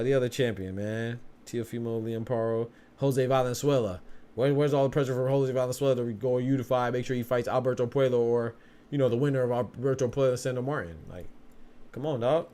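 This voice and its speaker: A man's voice: mid-range voice, warm tone. Slang-heavy man hosting a podcast. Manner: conversational, streetwise slang, repeats phrases. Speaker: boxing podcast host. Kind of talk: casual solo podcast talk.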